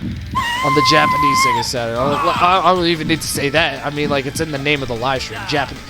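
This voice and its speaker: A man streaming gameplay, talking casually through the game and shouting at it when it goes wrong. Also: a little high, quick pace. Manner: excitable, groans and shouts at the game. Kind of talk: live gameplay commentary. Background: loud game music.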